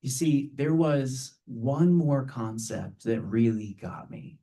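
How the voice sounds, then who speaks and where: A man's voice: mid-range voice, lively intonation, slow pace, mellow, far from the mic. A man giving a conversational spiritual talk to a live audience, playful and earnest, often checking in with a rhetorical "right?".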